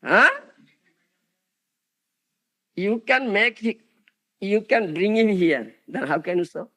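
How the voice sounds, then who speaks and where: A man's voice: high voice, animated, slow, sharp tone. A man giving a devotional lecture as a spiritual teacher, peppering it with rhetorical questions like "huh?" and "isn't it?" to his audience.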